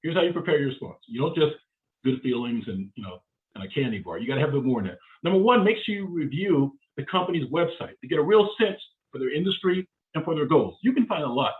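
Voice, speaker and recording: A man delivers a live career seminar with punchy, repeated phrases and plenty of energy. His voice sits a little high for a man. The sound is narrow and phone-like, as if heard down a phone line. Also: animated, quick pace. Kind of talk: motivational seminar talk.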